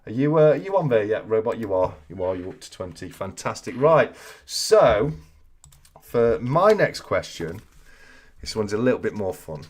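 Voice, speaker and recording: A man's voice: lowish voice, sing-song, normal speed. A man hosting a casual live-stream chat, joking, laughing often and reading out viewers' answers. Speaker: host of a live coin-collecting chat stream.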